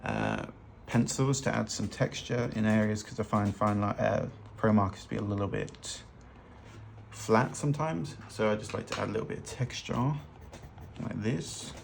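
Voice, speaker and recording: Lowish gravelly guy rambling through a drawing tutorial, faint room noise behind. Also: sing-song, moderate pace. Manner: loose, chatty, self-deprecating, laughs often. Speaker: fashion illustrator teaching. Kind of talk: casual drawing tutorial narration. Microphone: hands-only overhead camera.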